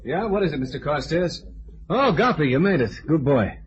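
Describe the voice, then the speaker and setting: An actor playing an easygoing tough detective. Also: male voice, a little high, lively intonation, normal speed, natural voice. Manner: casual and reassuring. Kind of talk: 1950s radio drama acting. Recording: dull vintage radio recording.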